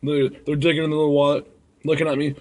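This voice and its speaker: A man's voice: fairly high pitch, level tone, fast talker, a little mellow. A young man who works as a bar bouncer, telling stories in a blunt, rambling way and acting out drunk patrons. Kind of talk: casual storytelling vlog.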